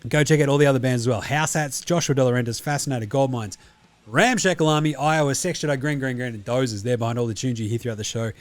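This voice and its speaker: A man's voice: medium pitch, fast talker, faint music behind. A man with an Australian accent, hosting a sports podcast and signing off in a casual, matey chat with a fair bit of swearing. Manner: swearing, laid-back and matey. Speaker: podcast host.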